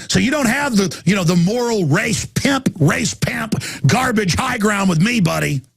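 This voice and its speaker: Gravelly raspy guy ranting on a call-in radio show, kinda high voice, sarcastic. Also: lively intonation, moderate pace, dry recording, clean studio sound. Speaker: radio talk show host. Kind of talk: heated call-in radio talk.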